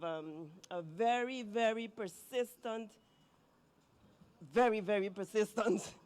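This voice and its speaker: A woman performing her own poem at an open mic, speaking slowly. She is hesitant and laughs through her introduction, then recites in a measured way. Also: medium pitch. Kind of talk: poetry reading with a chatty intro.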